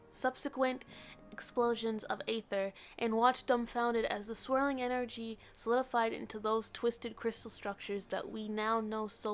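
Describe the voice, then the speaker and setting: A woman's voice: on the high side, fairly bright tone. A woman reading a hearty, nostalgic older male adventurer's game lines aloud in her own voice.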